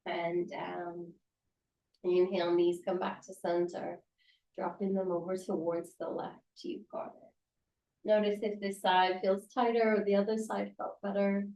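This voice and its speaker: A woman teaching a yoga class, giving calm, encouraging, unhurried cues through the movements and breaths. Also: lowish voice. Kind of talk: guided yoga class instruction. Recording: roomy sound from a distance.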